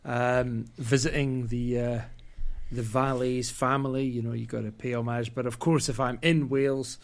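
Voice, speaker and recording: A Scottish man with a gravelly, fry-heavy voice at a middle pitch chats on a podcast. He talks in loose, joking rambles with lots of ums. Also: little pitch movement, moderate pace. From Scotland. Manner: joking, rambling, full of fillers. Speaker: podcast co-host. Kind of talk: casual podcast chat.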